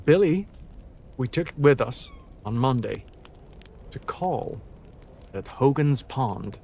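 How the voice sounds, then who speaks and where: A man's voice: medium pitch, expressive, takes it slowly, a little mellow, slight background noise. A British man streaming live, reading a story aloud, stopping to repeat and fix words and swearing at himself. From Britain. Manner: self-correcting, swears, repeats words to practise them.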